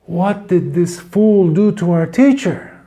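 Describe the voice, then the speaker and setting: A monk putting on a group of outraged young disciples who protest in raised, higher voices with a gravelly edge. They are figures in a spoken parable, indignant on their teacher's behalf. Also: male voice, sing-song, a little slow, mellow.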